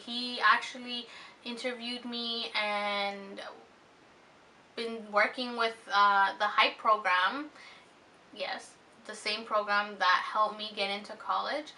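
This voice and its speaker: Earnest young woman, bright voice. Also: medium pitch. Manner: earnest and tender, many ums and pauses. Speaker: vlogger. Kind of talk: heartfelt personal vlog talk. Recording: slightly distant mic with faint hiss.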